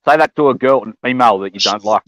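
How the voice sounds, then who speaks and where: A man's voice: mid-range voice, fast talker, a bit bright, dry recording, rough recording. A tired man, chatting casually and laughing easily. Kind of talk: casual chat.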